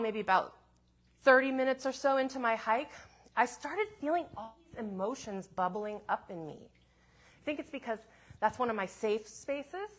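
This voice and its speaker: Gentle, reflective woman minister. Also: a little high. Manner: gentle, reflective storytelling with soft asides. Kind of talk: sermon storytelling.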